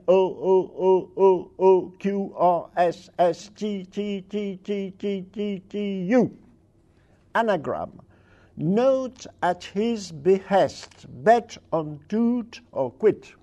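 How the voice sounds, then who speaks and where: Man, high-pitched, slow-paced, playful reading aloud, deliberate list delivery. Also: dark tone. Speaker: speaker presenting literary wordplay. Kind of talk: reading examples aloud to an audience.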